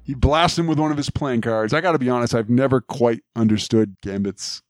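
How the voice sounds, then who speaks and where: Guy co-hosting a pod, mid-pitched voice, dry close sound, keeps laughing while he recaps scenes. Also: fairly quick, dry recording. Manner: laughs often, recounts scenes with quoted lines. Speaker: podcast co-host. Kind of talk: casual chat recapping a cartoon.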